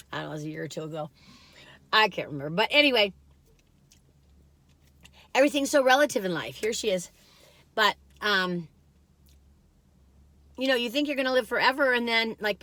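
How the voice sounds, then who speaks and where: Bright, chatty older woman vlogger. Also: mid-range voice, no echo. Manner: chatty, rambling, wandering storytelling; lively swings between loud excited bursts and quiet musing. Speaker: food vlogger. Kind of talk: casual taste-test chat.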